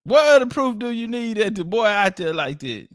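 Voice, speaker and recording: A man's voice: sits high, sing-song, moderate pace, dry recording, clean studio sound. A man giving casual, profane commentary on clips, laughing and mocking as he talks. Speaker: online commentator.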